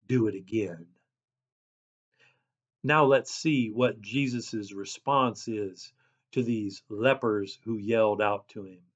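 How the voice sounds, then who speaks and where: A man preaching a sermon as a pastor, reading scripture and describing himself as a loud person. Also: medium pitch, highs cut off.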